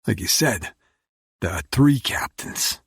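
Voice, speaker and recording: A male narrator voicing a gruff, proud older mob uncle who blusters and lectures. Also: lowish voice, expressive, slow, no room sound, studio quality, exaggerated voice. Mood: firm.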